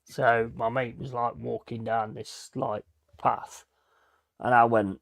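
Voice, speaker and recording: A man's voice: medium pitch, level tone, slow, vocal fry. A man hosting a live stream, telling holiday stories in casual chat, swearing freely and acting out what others said. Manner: swears freely, acts out quoted voices. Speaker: host.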